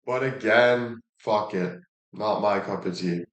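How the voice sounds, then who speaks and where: A man's voice: fairly low pitch, takes it slowly. A man talking in a casual monologue, blunt and emphatic, swearing heavily and repeating himself for emphasis. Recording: echoey room.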